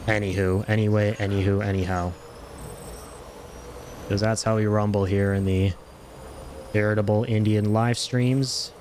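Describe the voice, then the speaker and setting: A man streams a video game and chats casually as he plays. He jokes around and swears off-handedly. His voice is on the low side, with faint noise behind it. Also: darkish tone. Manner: playful, jokey, swears casually. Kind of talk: casual gameplay commentary.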